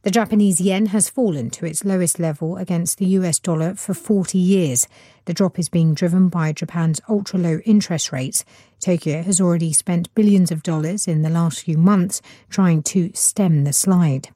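A woman newsreader delivering a formal radio news bulletin in a measured, steady way. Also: lowish voice, no echo, studio quality.

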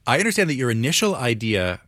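A man's voice: medium pitch, very animated, quick pace, a bit bright, no echo. A man hosting an interview, asking questions hesitantly with restarts. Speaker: interviewer host.

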